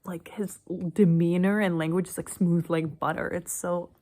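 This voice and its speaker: A woman's voice: fairly low pitch, steady tone, normal speed, mellow. A young woman vlogging casually, rambling with lots of "like" and the odd swear word. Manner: rambling, filler-heavy, frequent "like" and swearing. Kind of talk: casual personal vlog.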